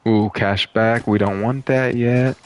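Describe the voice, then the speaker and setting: A man's voice: fairly low pitch, fairly even intonation, a little slow, clear, resonant tone. A young man streaming a zombie shooter and chatting casually with a friend, rambling, swearing freely and laughing often. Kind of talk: casual gaming chat.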